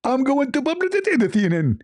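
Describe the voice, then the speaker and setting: A man's voice: very high-pitched, sing-song, fast talker, a little mellow, dry recording, studio quality, pitched above the performer's own voice. A man putting on a smug male debate opponent, gloating and taunting. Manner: taunting, triumphant.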